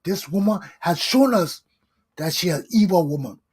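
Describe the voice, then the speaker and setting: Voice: medium pitch, expressive, moderate pace, a little mellow, husky. A talk show host, delivering a fiery, scolding political monologue full of repetition. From Liberia.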